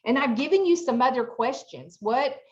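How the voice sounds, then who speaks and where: Expressive woman presenter on a muffled call. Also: high-pitched, moderate pace. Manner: expressive, chatty, rhetorical questions to the audience. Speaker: workshop presenter. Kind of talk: interactive online workshop talk.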